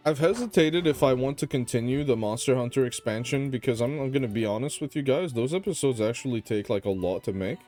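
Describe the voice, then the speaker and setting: A man's voice: mid-range voice, lively intonation, fast talker, hardly any pauses, a little mellow. Tired guy rambling over his game, sleepy and jokey, faint music under it. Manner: sleepy, rambling, self-joking. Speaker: gaming channel host. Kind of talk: casual gameplay commentary.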